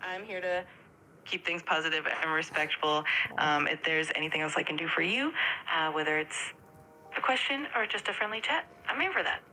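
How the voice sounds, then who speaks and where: A woman's voice: deep voice, normal speed, sharp tone, a little hiss or hum, rough recording. A synthetic female AI assistant voice, polite and scripted, repeating friendly stock phrases. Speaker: AI chatbot voice.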